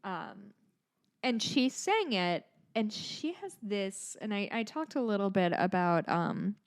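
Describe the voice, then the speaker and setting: A woman in her thirties co-hosts a podcast in loose, easy conversation. She rambles from point to point, drops in a swear word, and keeps undercutting herself. Her voice sits at an ordinary middle pitch. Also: expressive, slow. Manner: rambling and chatty, with swearing and self-deprecating asides. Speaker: podcast co-host. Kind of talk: casual chat.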